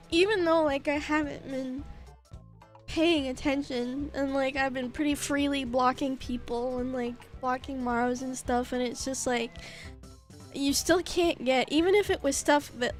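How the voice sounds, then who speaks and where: A young woman streamer talking haltingly on a livestream, tearful, with many fillers, curses and nervous laughs. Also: high voice. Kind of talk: emotional livestream chat.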